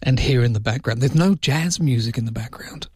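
A man's voice: mid-range voice, fairly quick, a little mellow, husky, no room sound, clean studio sound. An Australian man hosting late-night talkback radio, chatty and rambling, with mock-indignant outbursts. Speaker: overnight radio host. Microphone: studio microphone.

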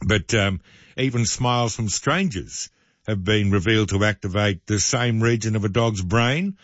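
A man's voice: fairly low pitch, normal speed, fairly bright tone, no echo, muffled recording. A male radio host, chatting casually with jokey asides.

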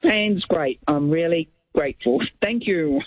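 A woman's voice: sits low, animated, measured pace, dry recording. A woman calling a radio show, talkative and grateful. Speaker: caller. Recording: tinny phone line, dry.

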